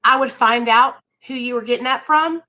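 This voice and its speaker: Woman host, high bright voice, blunt and caring in casual chat. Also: normal speed, dull audio.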